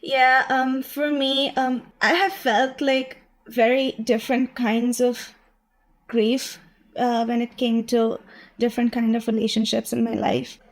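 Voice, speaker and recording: Higher, flat-voiced hesitant woman. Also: unhurried, low-quality recording. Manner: hesitant, with many fillers. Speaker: panelist. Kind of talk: personal sharing in a panel chat.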